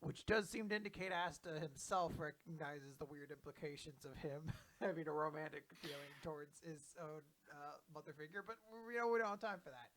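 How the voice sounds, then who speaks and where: A man with a bright, forceful tone and a fairly high voice chats loosely through comic recaps as a podcast co-host. He jokes and swears freely, keeping it casual and offhand. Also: a little fast, few pauses.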